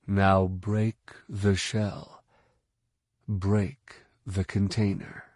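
A man doing a soft, serene mentor. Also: low voice, slow pace, no echo, studio quality. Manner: soft, even, soothing. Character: calm older male mentor, serene and soothing.

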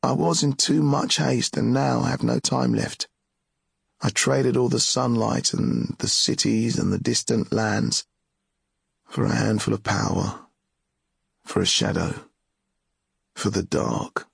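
A man's voice: medium pitch, measured pace, vocal fry, fairly bright tone, husky, no room sound, studio quality, pitched above the performer's own voice, full character voice. A man reading as Ged, a brooding young wizard. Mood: regretful. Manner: grave, mournful lament. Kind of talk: audiobook character reading.

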